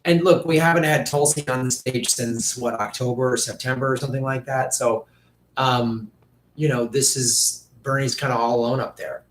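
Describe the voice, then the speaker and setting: A man ranting through casual political commentary, profane and mocking, slipping into quick impressions of politicians. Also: mid-range voice, fairly even intonation, reverberant, slight background noise.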